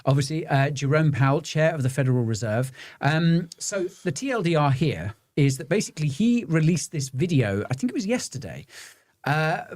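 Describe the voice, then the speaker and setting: A man's voice: on the high side, no room sound. Chatty man co-hosting a crypto show. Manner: relaxed, chatty, many fillers. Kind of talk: casual market chat.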